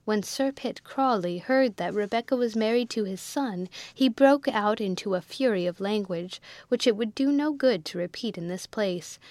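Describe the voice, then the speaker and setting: A woman reads a classic novel aloud in a measured, even way. Her voice sits at an ordinary middle pitch, and the recording is dry and close. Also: no room sound. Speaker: audiobook narrator. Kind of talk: scripted narration of a classic novel.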